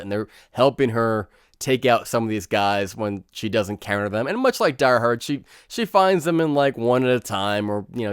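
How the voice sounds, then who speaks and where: A man's voice: medium pitch, smooth, no room sound, clean studio sound. Profane, sarcastic male movie reviewer. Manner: animated, sarcastic, swears freely, mocks scenes in put-on quotes.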